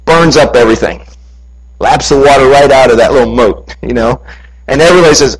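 A man preaching a sermon, retelling a scripture story and reading passages aloud with lively emphasis. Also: medium pitch, a little fast, breathy edge, poor audio.

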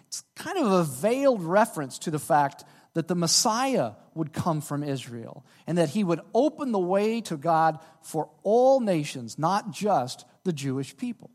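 Animated, high-voiced male preacher in a reverberant hall. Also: unhurried. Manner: emphatic preaching with frequent "okay?" check-ins. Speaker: pastor. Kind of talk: sermon.

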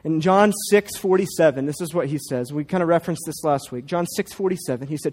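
A man's voice: on the high side, quick pace, a little mellow. A man in his thirties, a pastor, preaching a sermon and telling a family story with playful asides.

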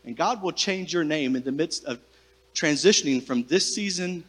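A man's voice: a little high, expressive, moderate pace, a bit bright, long reverb tail. A male pastor preaching a sermon, talking conversationally and directly to his congregation in a church sanctuary.

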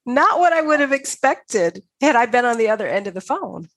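A woman's voice: a little high, very animated, a little fast. A woman hosting a podcast interview, encouraging her guest and laughing often. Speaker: podcast host. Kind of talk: interview talk.

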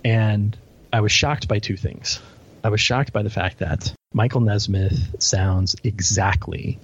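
A man's voice: fairly low pitch, fairly even intonation, a little slow, breathy edge. A man co-hosting a podcast, telling stories animatedly in casual chat, often stammering and repeating words. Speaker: podcast co-host. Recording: dull lo-fi audio.

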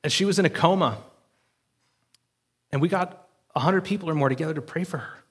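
Husky-voiced man preaching a sermon. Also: fairly high pitch, brisk. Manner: earnest, conversational, checks in with the congregation often. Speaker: pastor.

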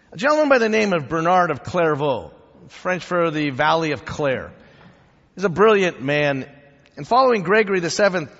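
Animated preacher in an echoing hall. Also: male voice, high-pitched. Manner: animated, humorous, conversational preaching. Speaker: pastor. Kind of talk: sermon and church history teaching. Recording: dull echoing hall sound.

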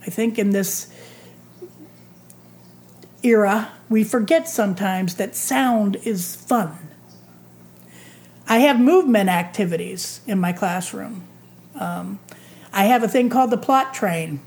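A woman in her sixties, a retired teacher, giving a reflective talk in a thoughtful, drawn-out way. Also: mid-range voice, expressive, a little mellow. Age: 60s. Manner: slow, thoughtful, drawn-out phrasing.

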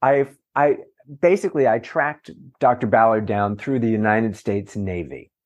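A middle-aged man, a journalist and author, telling lively, self-mocking stories in a casual interview. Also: on the low side, normal speed, muffled recording. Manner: animated, self-mocking anecdotes with playful voices. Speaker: entertainment journalist and author, guest.

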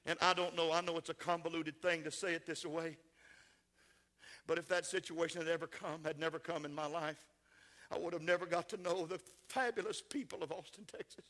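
A pastor preaching a sermon in a church, swinging from shouted, impassioned lines to quiet, tender ones. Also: male voice, fairly high pitch, steady tone, quick pace. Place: church sanctuary.

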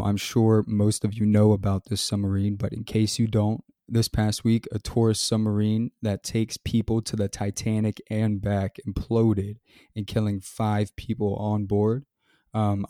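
A man hosting a solo podcast, reading news details and then giving his earnest, measured opinion. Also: on the low side, warm tone, no echo, studio quality. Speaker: podcast host. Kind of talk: scripted solo commentary.

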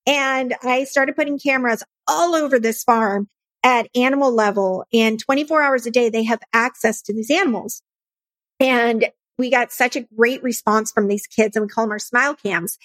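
A woman with a somewhat high voice tells her own story in a podcast interview. She is earnest and emotional. The recording is dry and close, with no room sound. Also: normal speed, fairly bright tone, dry recording. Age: adult, married. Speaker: nonprofit founder and guest.

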